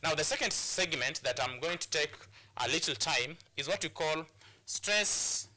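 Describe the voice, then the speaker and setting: Male teacher from Kenya, bright and somewhat high, patient step-by-step explainer with frequent repeats. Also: animated, measured pace. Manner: repeats words and restarts often, explains step by step. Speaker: English teacher. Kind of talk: classroom lesson on a television channel.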